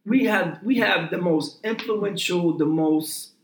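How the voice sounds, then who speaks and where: A man's voice: high voice, takes it slowly, slight background noise. A man in heated casual chat, profane and emphatic, often repeating and restarting his words. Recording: roomy echoing room.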